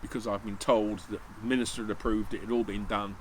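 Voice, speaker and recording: A man's voice: fairly low pitch, little pitch movement, fast talker, slight background noise, rough recording. Rambling man telling a story. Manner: rambling, anecdotal, acts out dialogue with many restarts. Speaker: channel host telling a hunting anecdote. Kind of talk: casual storytelling.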